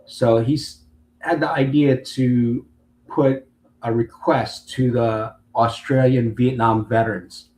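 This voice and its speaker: A man's voice: mid-range voice, fairly even intonation, takes it slowly, darkish tone. A man in his late fifties, a Marine veteran and interview guest, telling a long story and acting out other people's lines. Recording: roomy with faint background hum.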